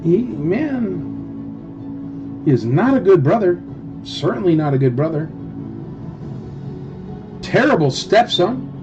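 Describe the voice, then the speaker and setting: A man casually ranting with sarcasm while selling at a live auction, mocking others through quick quoted asides. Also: high-pitched, very animated, highs cut off, over music.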